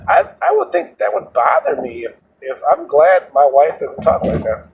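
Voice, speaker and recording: A man's voice: a little high, wildly swooping pitch, normal speed, gravelly, poor audio. Chatty man recording from a car. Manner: chatty, laughs often, many restarts. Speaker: podcast host. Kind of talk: rambling casual monologue. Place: moving vehicle. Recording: road noise in a car. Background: road noise.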